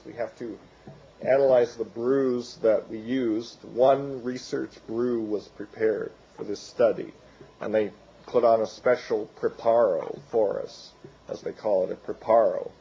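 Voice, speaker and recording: Male lecturer, gravelly and mellow, voice giving out, halting delivery, dull lo-fi recording. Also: mid-range voice. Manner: halting, with many fillers and restarts. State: losing his voice. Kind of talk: academic lecture with slides.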